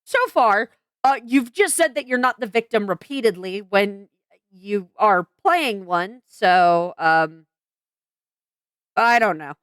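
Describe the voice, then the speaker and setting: A woman's voice: mid-range voice, animated, takes it slowly, a bit bright, clear, resonant tone, dry recording. A woman venting in a commentary vlog, frank and exasperated, swearing and restarting her sentences with lots of fillers. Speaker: vlogger.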